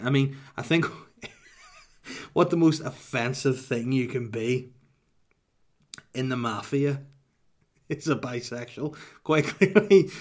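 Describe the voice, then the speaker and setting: A man chatting on his podcast in a loose, rambling way, swearing often and cracking jokes as he goes. His voice sits at an everyday middle pitch. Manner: profane, joking, slips into impressions. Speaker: podcast host. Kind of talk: casual rambling chat.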